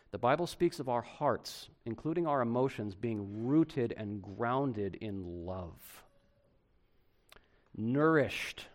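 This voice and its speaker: Guy preaching a sermon, medium voice, gets loud and punchy then drops soft and quiet. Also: mid-range voice. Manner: animated, varies from loud emphatic to soft and hushed.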